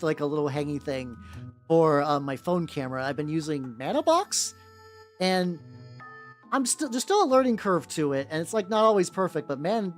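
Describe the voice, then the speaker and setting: Male streamer chatting with chat, lively up-and-down delivery, loose rambling talk, faint music underneath. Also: fairly high pitch. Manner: rambling, halting, many restarts and fillers. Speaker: streamer painting miniatures. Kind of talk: casual livestream chat with viewers. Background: faint background music.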